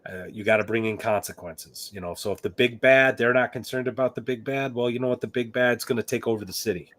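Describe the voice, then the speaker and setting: A man co-hosting a casual podcast, relaxed and chatty. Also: medium pitch, quick pace. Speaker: podcast co-host. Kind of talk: casual chat.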